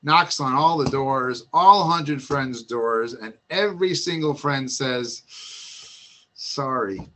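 A man giving a Torah talk, telling an old story in a lively, casual way full of asides and restarts. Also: medium pitch, slow, few pauses.

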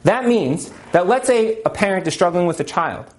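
A man's voice: sits high, animated, moderate pace. A man giving a motivational religious talk as a teacher and counselor, emphatic and repeating his key points.

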